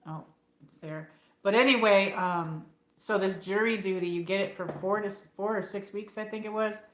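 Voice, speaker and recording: A woman with an upstate New York accent rambles through a late-night livestream story, casual and unpolished, with plenty of fillers and the occasional swear. Her voice sits at an ordinary pitch and is picked up by a phone in a roomy, echoing space. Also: steady tone, moderate pace. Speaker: livestream host. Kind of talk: casual chat.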